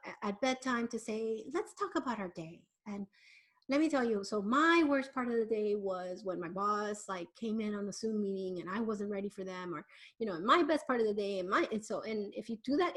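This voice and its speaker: A woman who works as a parenting educator, answering viewers' questions in a conversational way and sometimes acting out the voices of parents and children. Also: medium pitch. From Miami. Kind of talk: live Q&A advice talk.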